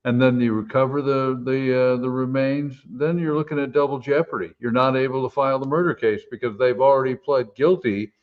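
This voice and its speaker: A man who worked as a cop, calmly explaining a legal point in a panel discussion. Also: mid-range voice, a little fast, few pauses. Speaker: former police officer. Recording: tinny phone-like line.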